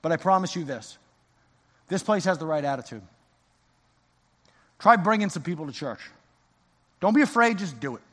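Fired up pastor guy preaching, pretty high voice, long echo trailing off in the church. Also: animated, normal speed, long pauses, a bit bright. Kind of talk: sermon. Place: church sanctuary.

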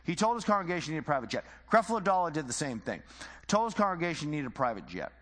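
A man's voice: a little high, big pitch swings, racing, a bit bright, big-room sound. A man teaching the Bible informally, conversational and full of rhetorical questions and repeated phrases.

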